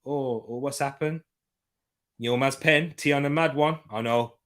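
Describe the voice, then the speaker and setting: Young man, bright forceful voice, live football watchalong host who swings from shouting at the ref to relaxed chat with viewers. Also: mid-range voice, a little slow. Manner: shouts at referee decisions, then chats calmly with viewers. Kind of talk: live match commentary and chat reading.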